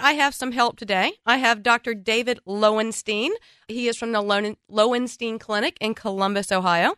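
A chatty woman hosting a radio show from the studio, joking at her own expense. She sounds congested from a cold, yet her voice is bright and smooth. The studio sound is dry and close. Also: medium pitch, dry recording. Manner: chatty, self-mocking, joking. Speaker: radio talk show host. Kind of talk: casual radio talk.

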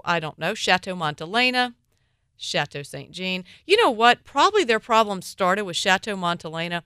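Bright, chatty woman wine commentator. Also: medium pitch, clear, resonant tone, dry recording, studio quality. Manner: opinionated and chatty, with punchy asides. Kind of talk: casual wine commentary segment.

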